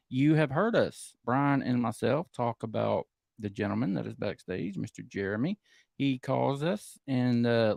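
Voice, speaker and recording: A man hosting a live podcast, his gravelly voice swinging up and down as he jokes with his guests. The sound is dry and close. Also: mid-range voice, dry recording. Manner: animated, joking host banter. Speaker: podcast host.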